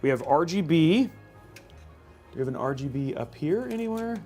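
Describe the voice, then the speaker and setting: A man's voice: a little high, animated, normal speed, darkish tone, faint music behind. A man hosting a livestream, chatting casually and thinking aloud while building a computer. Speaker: host.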